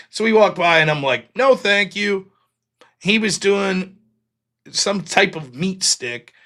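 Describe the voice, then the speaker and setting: A man hosting a live stream, telling a story in a casual, profane monologue and acting out the other people's lines in a raised voice. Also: sits high. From United States. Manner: profane, animated, acts out quotes in raised voices.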